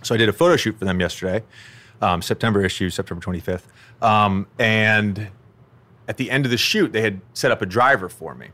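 A man hosting a podcast, telling stories in a relaxed, rambling way that often corrects itself mid-sentence. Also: lowish voice, a little fast. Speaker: podcast host. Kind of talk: casual storytelling chat.

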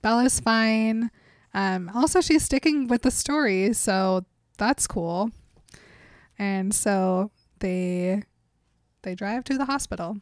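Brief: young woman co-host, casual book chat, dry close mic, mid-pitched. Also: slow, no echo. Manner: chatty, laughs often, reads excerpts dramatically. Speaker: podcast co-host. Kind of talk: casual book discussion chat, reading passages aloud.

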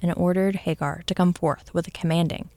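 Brief: woman storybook narrator, measured and expressive, gravelly low voice, dry close mic. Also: no room sound.

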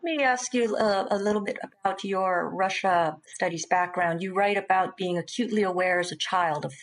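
A woman hosts an interview, her voice sitting a little low. She asks measured, well-prepared questions that build on the guest's written work. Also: poor audio. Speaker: interviewer host.

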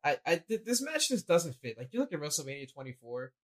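A young adult man co-hosting a casual chat, an animated storyteller who acts out what people said. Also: on the high side, fast. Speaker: co-host.

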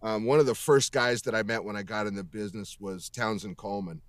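His voice is fairly low, fairly quick, and fairly even in intonation, recorded without echo. The man, a voice actor appearing as a guest on a video-call interview, is emphatic and heavily profane, rambling and restarting as he goes.

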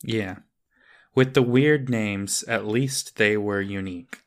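A man co-hosting a podcast, reacting in a relaxed, casual way. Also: fairly low pitch, slow pace. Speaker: podcast co-host. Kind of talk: casual chat.

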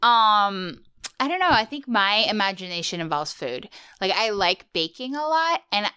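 Bright, clear-voiced woman podcaster. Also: mid-range voice, big pitch swings, normal speed. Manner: chatty, peppered with "like" and "um". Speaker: podcast co-host. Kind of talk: casual chat recapping a cartoon.

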